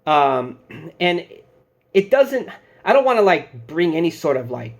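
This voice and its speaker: Casting note: man in his thirties, higher-pitched, relaxed advice-giving storyteller. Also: unhurried. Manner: loose storytelling, acting out quoted bosses and coworkers. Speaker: security channel host giving advice. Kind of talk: casual advice talk to camera.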